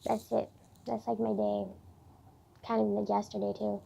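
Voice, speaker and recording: A teenage girl vents about her day in a casual diary vlog, rambling, swearing, and saying "like" constantly. Her voice is medium-pitched and level at a normal speed, creaky, mellow, and slightly rough. The lo-fi recording sounds dull.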